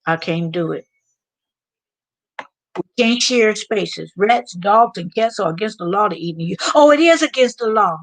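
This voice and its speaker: An American woman hosting a live stream, chatting and telling stories with animated asides. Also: mid-range voice, moderate pace, pauses often. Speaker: vlog host. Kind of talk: live stream casual chat.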